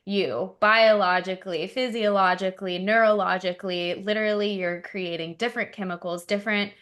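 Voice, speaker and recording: Co-host: woman, mid-pitched, eager conversational tone, occasional "um". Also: steady tone, fairly quick, a bit bright. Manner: enthusiastic, retells stories with hesitant "um"s. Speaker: podcast co-host. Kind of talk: casual conversational podcast.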